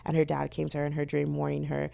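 A woman's voice: deep voice, monotone, fast talker, creaky, mellow, no echo. A young woman chatting casually on her channel, retelling a story in a rambling way, full of fillers and quoted voices. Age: young adult. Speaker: book vlogger.

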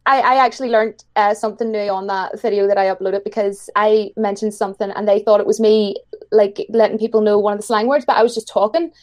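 A woman's voice: mid-range voice, steady tone, fast talker. A woman from Ireland with an Irish accent, chatting casually and laughing often. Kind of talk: casual chat.

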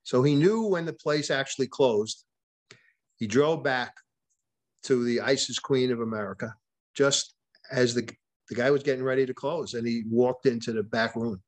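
A man's voice: medium pitch, moderate pace. A man, a podcast guest and author, telling a long story in a conversational way, often restarting and repeating words and quoting what people said. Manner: retells events with quoted dialogue.

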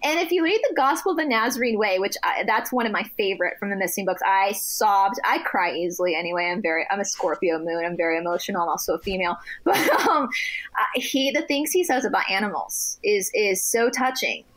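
A woman on a podcast telling stories in casual chat, animated, laughing often and restarting her sentences. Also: medium pitch, fairly quick. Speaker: guest.

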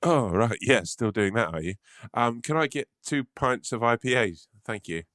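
A man's voice: medium pitch, animated, moderate pace, a bit bright, dry recording, studio quality, lightly acted. A man improvising a nervous friend who delivers bad news in an overly decent, wholesome voice. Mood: prim, nervous. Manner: overly prim, wholesome and formal. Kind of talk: comedic improvised role-play.

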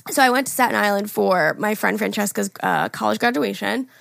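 A woman's voice: medium pitch, fairly quick, creaky, fairly bright tone, no room sound. A young woman co-hosting a podcast, telling stories chattily, laughing and swearing often. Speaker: podcast co-host. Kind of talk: casual chat.

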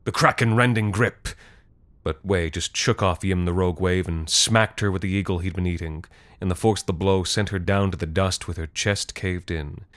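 A man narrating a scripted story in a measured, deadpan way. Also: low voice, dry recording, studio quality.

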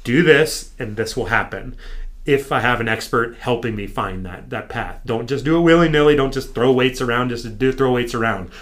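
American guy on a podcast, bright voice, animated, keeps doing his trainer's lines. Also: medium pitch, moderate pace. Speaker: podcast guest. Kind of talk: casual storytelling.

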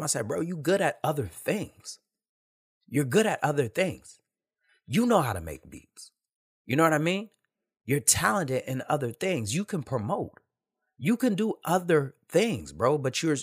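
A man's voice: mid-range voice, fairly bright tone. Blunt, slangy podcast man. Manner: candid, emphatic, street slang, repeats himself. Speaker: podcast host. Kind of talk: casual monologue.

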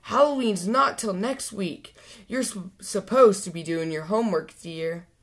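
A woman voicing a patient mother frog in a storybook, gently scolding her son. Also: medium pitch, unhurried, close to an everyday voice. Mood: gentle scolding.

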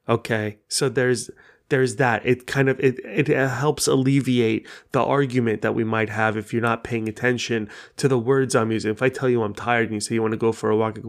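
A man whose first language is Persian talks alone on his podcast in a loose, unscripted way, his voice sitting at a middle pitch. He swears often and without apology. He circles back on his points with plenty of "uh" and "like.". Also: steady tone, brisk. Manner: profane, frank, rambling with many fillers. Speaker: podcast host. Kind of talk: casual solo podcast talk.

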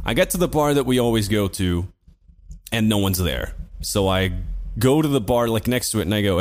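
Young male co-host, lower voice, loose rambling storyteller who swears freely. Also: animated, a little fast. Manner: rambling, swears a lot, many fillers. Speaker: podcast co-host. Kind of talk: casual chat, storytelling.

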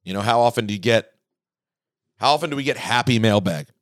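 A man's voice: medium pitch, brisk, no room sound. Dry-sounding man hosting a podcast. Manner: animated, reads listener emails aloud. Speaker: podcast host. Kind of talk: casual chat, reading mailbag.

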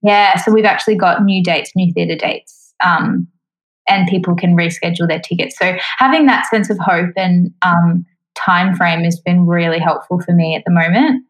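A woman's voice: fairly low pitch, steady tone, normal speed, low-quality recording. A young adult woman, a musical theatre performer, talking casually as a guest in an interview, chatty with lots of fillers.

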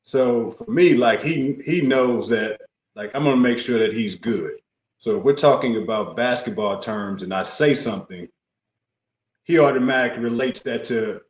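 Calm guest guy, medium voice, says things twice, roomy echo. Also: medium pitch, moderate pace. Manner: calm, loyal, repeats phrases for emphasis. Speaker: guest, former NBA player. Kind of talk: casual interview chat.

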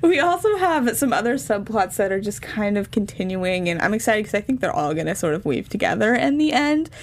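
A woman's voice: medium pitch, big pitch swings, a little fast. A woman co-hosting a casual chat, summarizing episodes in an upbeat, chatty way. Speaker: podcast co-host.

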